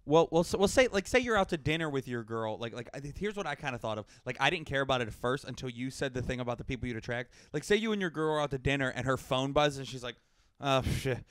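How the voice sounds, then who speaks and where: A man's voice: mid-range voice, quick pace, few pauses, smooth, dry recording. A man co-hosting a casual podcast, spinning playful what-if scenarios. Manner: animated, playful hypotheticals. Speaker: podcast co-host. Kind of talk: casual chat.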